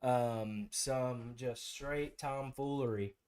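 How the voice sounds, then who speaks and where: Male livestream host, slow, rambling, lots of fillers, middle pitch. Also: steady tone, darkish tone, clean tone. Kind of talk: casual livestream chat.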